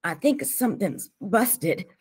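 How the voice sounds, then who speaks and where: A woman voicing a frightened, injured teenage boy who pleads and stammers in gasping, halting whispers. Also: fairly low pitch, lively intonation, husky. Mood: pained.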